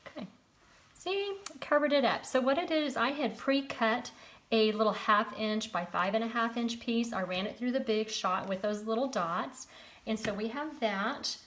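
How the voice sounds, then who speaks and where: A woman's voice: on the high side, moderate pace, fairly bright tone. A woman leading a live card-making tutorial, chatty and encouraging, greeting viewers by name.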